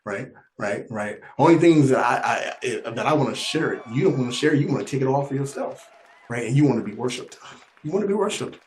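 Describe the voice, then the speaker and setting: A man's voice: medium pitch, lively intonation, fairly quick, darkish tone, echoey room, poor audio. A man doing a stand-up comedy set, rambling and repeating himself and laughing through his lines.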